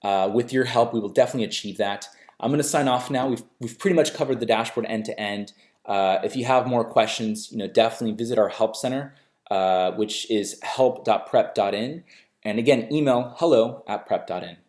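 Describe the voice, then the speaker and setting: A man walking through a software dashboard in a casual tutorial, talking loosely with many fillers and restarts. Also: medium pitch, a little fast. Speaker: software company representative giving a tutorial. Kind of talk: screen-share tutorial walkthrough.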